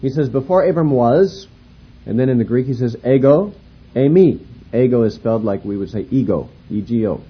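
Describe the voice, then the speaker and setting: A man teaching a Bible lecture in a measured, explanatory way, pausing to spell out and repeat words. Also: on the low side, muffled recording, slight background noise.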